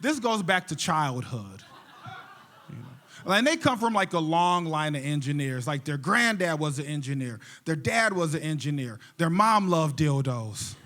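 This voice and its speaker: High-voiced stand-up comedian. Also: male voice, moderate pace, slight background noise. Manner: animated storytelling, jokey. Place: theater stage.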